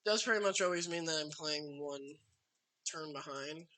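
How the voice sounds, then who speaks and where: Chatty while playing, a man livestreaming a card game casually talks to his opponent. He has a forceful, bright voice on the high side, delivered at normal speed.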